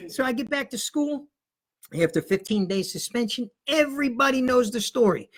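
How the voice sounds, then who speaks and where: A man, a comedian guest, telling stories in a casual chat, animated and laughing often. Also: very high-pitched, moderate pace.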